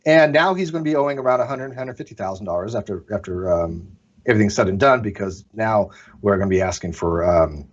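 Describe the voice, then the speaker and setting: A man's voice: on the low side, fast. A man as a podcast guest, explaining his side in an emphatic, argumentative way during a casual discussion. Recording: dull lo-fi audio.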